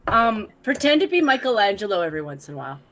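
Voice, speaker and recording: A woman's voice: medium pitch, very animated, fast talker, fairly bright tone. A woman in a casual group chat, playful and teasing, laughing easily.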